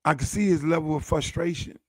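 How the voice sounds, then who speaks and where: A man's voice: on the high side, fairly quick, dry recording, studio quality. A man who is a show host and football coach, venting in a heated, profane, repetitive rant. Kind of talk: casual ranting monologue.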